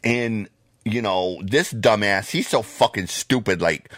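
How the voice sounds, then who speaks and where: A man's voice: fairly low pitch, a little slow, fairly bright tone, dry recording. Profane ranting man on a podcast. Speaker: podcast co-host. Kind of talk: casual podcast chat.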